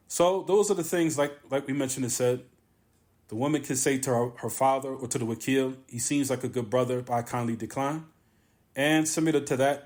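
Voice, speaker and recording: A man's voice: medium pitch, a little mellow. A man teaching a religious lesson in a mosque, speaking emphatically, repeating points, and scattering Arabic terms through his talk. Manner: repetitive, emphatic, drawn-out pauses. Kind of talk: religious lesson on a classical text.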